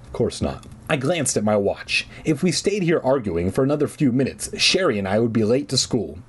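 A man's voice: medium pitch, very animated, fairly quick, slightly rough. A man reading a children's book aloud for laughs, breaking off into irreverent, crude asides. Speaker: reader.

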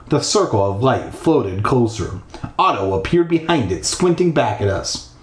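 A man's voice: medium pitch, sing-song, moderate pace. Irreverent man reading in an echoey bathtub. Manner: irreverent, swearing ad-libs. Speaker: reader. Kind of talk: reading a spooky kids' book aloud. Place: bathroom, in a bathtub. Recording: echoey bathroom.

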